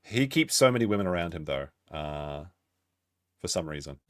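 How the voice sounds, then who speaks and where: A man's voice: deep voice, big pitch swings, moderate pace, no echo, studio quality. A man doing reaction commentary on a stream, mocking and sardonic as he picks apart a clip.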